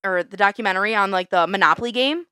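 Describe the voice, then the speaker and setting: Bright-voiced ranting young woman. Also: fast talker, smooth, no echo, studio quality. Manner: heated, ranting, swears a lot; animated, big jumps in pitch when fired up. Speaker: podcast co-host. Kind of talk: casual chat. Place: small studio under a lamp.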